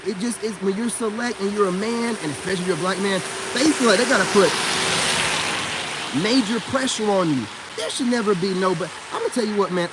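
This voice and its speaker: In a casual vlog monologue, a man styling himself a spiritual coach gives men blunt, preachy advice in heavy slang, often asking if you get what he's saying. His voice is high-pitched, with a little hiss or hum in the recording.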